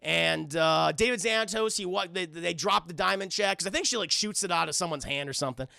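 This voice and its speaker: A man streaming a casual cartoon recap, talking to his chat in an animated, profane way. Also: high voice, fairly quick, creaky, no room sound, studio quality.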